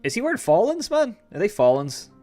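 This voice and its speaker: A man's voice: high-pitched, wildly swooping pitch, a little fast, dark tone, faint music behind. A young Irish man hosting a live stream, chatting casually and rambling as he answers viewers' comments. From Ireland. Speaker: livestream host.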